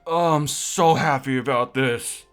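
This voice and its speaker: A man streaming a video game and commenting in an excited, gushing way, often repeating himself. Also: medium pitch, measured pace, smooth, soft background music. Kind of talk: casual let's-play commentary.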